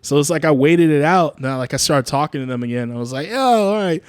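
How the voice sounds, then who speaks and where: Animated storytelling young man, dry mic. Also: quick pace, smooth, no room sound. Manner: animated storytelling, swearing, acts out quotes in a higher voice. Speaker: podcast co-host. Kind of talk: casual chat.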